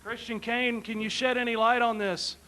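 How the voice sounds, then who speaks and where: Announcer guy, high and bright, brisk wrestling-show patter. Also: level tone.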